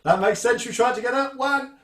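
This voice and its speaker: A man's voice: on the high side, animated, normal speed, heavy background noise. A man hosting a percussion workshop, upbeat and explaining the instruments step by step. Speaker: workshop host. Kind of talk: music workshop teaching. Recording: roomy echo.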